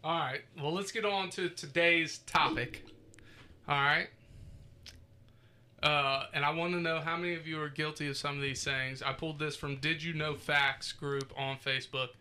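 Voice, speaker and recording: A man's voice: on the high side, steady tone, normal speed, sharp tone. A man hosting a podcast, reading from a list and joking around casually with friends, swearing freely. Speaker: podcast host.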